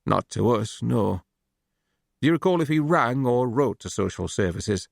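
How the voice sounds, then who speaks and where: A man's voice: mid-range voice, animated, normal speed, vocal fry, no room sound, studio quality. A man doing a probing police detective. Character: earnest male police detective.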